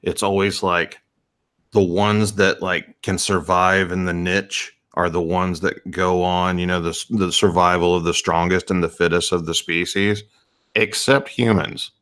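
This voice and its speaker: A man's voice: deep voice, level tone, a little slow, fairly bright tone, clear, resonant tone. A man co-hosting a casual podcast, telling crude jokes and laughing often. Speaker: podcast co-host. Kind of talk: casual uncensored chat.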